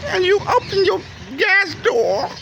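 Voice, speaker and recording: A man's voice: extremely high pitch, sing-song, slow pace, gravelly, muffled recording, voice pushed up, exaggerated voice. A man voicing a small male gas attendant who speaks little English, in short clipped questions. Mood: curt. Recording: noisy outdoor recording. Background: roosters and chickens.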